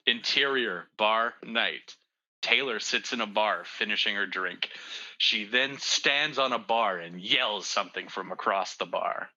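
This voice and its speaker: A man's voice: unhurried, highs cut off. A man from Canada co-hosting a comedy podcast over a video call, reading script directions and teasing his friends. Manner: excitable, teasing, jumps up in pitch.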